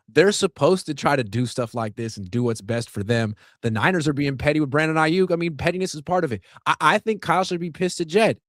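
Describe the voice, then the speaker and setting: A man co-hosting a casual sports podcast, laying out firm opinions in a steady way. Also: fairly high pitch, no room sound, studio quality. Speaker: podcast co-host.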